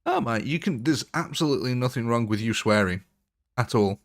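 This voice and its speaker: A man's voice: mid-range voice, animated, brisk. A man live-streaming a game, chatting casually, answering viewers' comments and laughing often. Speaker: gaming livestreamer.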